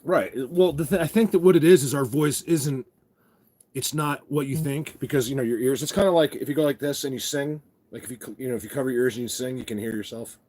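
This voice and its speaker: A man's voice: mid-range voice, fast, darkish tone. A man chatting casually with viewers on a live stream from his phone, groggy from just waking up and rambling as he greets people by name. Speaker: vlogger hosting a live stream. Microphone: phone camera.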